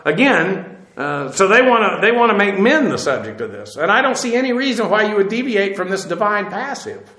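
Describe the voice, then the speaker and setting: Male Bible teacher, high-pitched and conversational, emphatic asides, echoey room. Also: pushed and bright. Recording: roomy echo.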